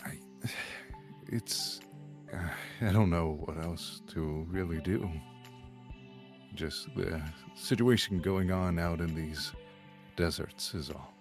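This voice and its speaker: A man playing a tabletop game, describing his character's actions in a halting, hesitant way. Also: low voice, music in the background. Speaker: player.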